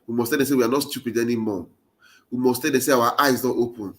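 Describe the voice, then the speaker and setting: A man's voice: medium pitch, steady tone, fast, a bit bright. A man with a Nigerian Pidgin accent giving an impassioned political monologue, urging his listeners with repeated rallying phrases. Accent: Nigerian Pidgin English. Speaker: political commentator.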